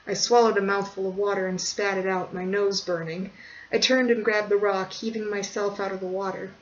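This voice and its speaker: Measured storyteller on a dull distant mic. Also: mid-range voice, flat delivery. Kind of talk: scripted narration of a horror short story. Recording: dull distant recording, faint hiss.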